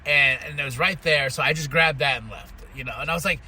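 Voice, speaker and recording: A man's voice: on the high side, fast, pushed and bright, slightly rough. A man co-hosting a podcast, telling stories in a laid-back, profane, giggly way. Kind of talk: casual podcast banter.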